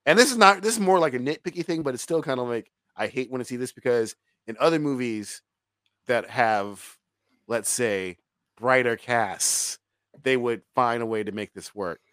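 A man's voice: medium pitch, moderate pace, fairly bright tone, no echo. A man co-hosting a movie review podcast in casual chat, emphatic, swearing freely and laughing often.

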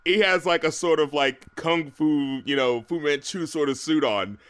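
A man's voice: on the high side, normal speed, a bit bright, clear, resonant tone. A man hosting a podcast in casual chat, often laughing and acting out quotes. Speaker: podcast host.

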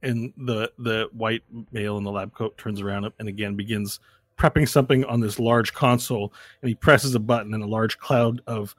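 A man running a tabletop game as game master, narrating each scene in vivid, rambling detail. His voice is husky and breathy, and he often restarts his phrases. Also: on the low side, steady tone, normal speed, no room sound.

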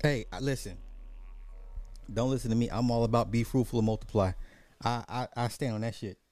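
Animated, joking man with mellow voice. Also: medium pitch, fairly quick. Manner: animated, joking, profane, repeats phrases. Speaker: podcast host. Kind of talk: casual comedic commentary.

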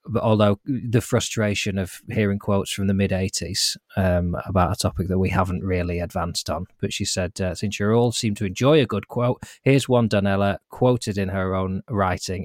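Brief: lower-voiced male podcast co-host, jokey, dry close recording. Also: darkish tone, no room sound. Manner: jokey, self-mocking, playful asides. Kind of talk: casual chat, reading listener messages.

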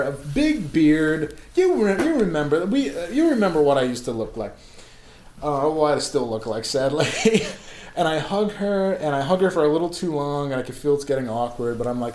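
A man in his thirties rambles through an anecdote in loose, laughing chat, full of asides and curses. His voice sits a little high. The room gives it a noticeable echo. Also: animated, normal speed, darkish tone, slight background noise. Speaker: podcast co-host telling stories. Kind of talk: casual storytelling chat. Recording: echoey room.

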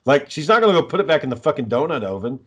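A man's voice: on the high side, very animated, racing, a bit bright, breathy edge. Blunt, foul-mouthed man in casual chat. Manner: blunt, heavy swearing.

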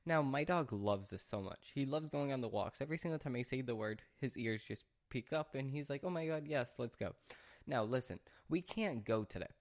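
A man's voice: medium pitch, a little fast, few pauses. Rambling, chatty man hosting a podcast. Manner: rambling, chatty, restarts and sidetracks. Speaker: podcast host. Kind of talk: casual solo podcast monologue. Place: home studio.

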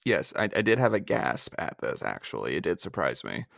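A podcast co-host chiming in with easygoing reactions, in a voice with a gravelly fry and a pitch that moves up and down a great deal. It sounds dry and close to the mic. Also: very animated, fairly quick, fairly bright tone, no room sound. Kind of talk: casual chat about a movie.

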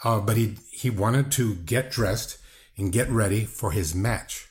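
Measured and lowish, this older man's voice carries blunt, defensive answers. He appears in a casual interview as a wrestling guest, brother of the subject, swearing and repeatedly restarting his rambling thoughts.

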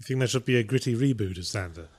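A man's voice: lowish voice, fast, darkish tone, husky. A man trading easygoing chat as a co-host. His humour is dry and sardonic. He often sounds mock-gloomy and unimpressed. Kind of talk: casual chat.

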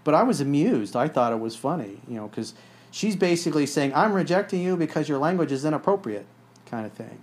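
A man's voice: fairly high pitch, very animated, fairly quick, a little mellow. A man hosting a podcast, telling stories in a blunt, profane, casual way. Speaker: podcast host.

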